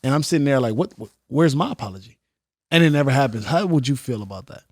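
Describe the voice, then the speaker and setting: Slangy mid-pitched male podcast co-host. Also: animated, fast talker, no room sound, studio quality. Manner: slangy storytelling with acted-out quotes. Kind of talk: casual reality-TV recap chat.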